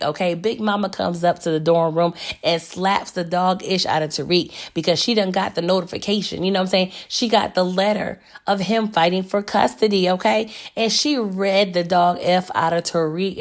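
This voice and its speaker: Hoarse-voiced woman recapping a TV episode. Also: fairly low pitch. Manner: animated, laughing, talks to viewers as "y'all". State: voice strained, hoarse. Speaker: TV recap reviewer. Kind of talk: casual recap chat.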